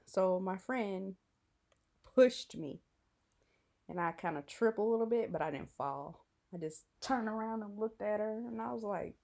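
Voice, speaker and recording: Young woman vlogger, low mellow gravelly voice, chatty excited fangirl storytelling. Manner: animated, giggly fangirl retelling with acted quotes. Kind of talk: casual storytelling to camera.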